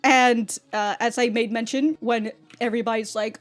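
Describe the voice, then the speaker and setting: A woman hosting a casual anime reaction, excitable and profane, often laughing. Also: fairly high pitch, normal speed, faint music behind.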